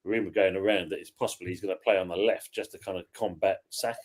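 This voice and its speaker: A man's voice: deep voice, steady tone, quick pace. A man with a Cockney accent co-hosting a football fan show, chatty and teasing. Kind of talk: casual fan show banter.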